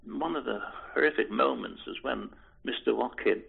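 An older man from Liverpool reminiscing in an interview, speaking in a halting, hesitant way with many restarts and repeated words. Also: mid-range voice, gravelly, husky. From Liverpool, England. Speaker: oral history interviewee. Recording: tinny phone-like lo-fi recording.

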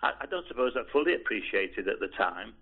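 Gravelly, husky older man reminiscing. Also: lowish voice, sing-song, fast talker, faint music behind. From Liverpool, England. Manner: hesitant, restarts and repeats words, chuckles softly. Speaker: interviewee. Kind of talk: oral history reminiscence. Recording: tinny phone-like recording.

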